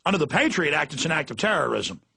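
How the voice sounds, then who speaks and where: A man's voice: fairly high pitch, very animated, fast talker, gravelly, pushed and bright, husky. A middle-aged man hosting political talk radio, ranting in a fiery, emphatic way. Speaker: radio talk show host.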